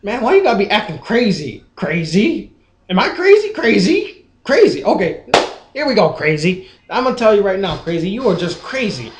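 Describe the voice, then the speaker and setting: A man's voice: high-pitched, big pitch swings, normal speed, reverberant, slight background noise. A man voicing a skinny, geeky male cop with a southern drawl, repeating one word over and over in mockery. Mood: mocking.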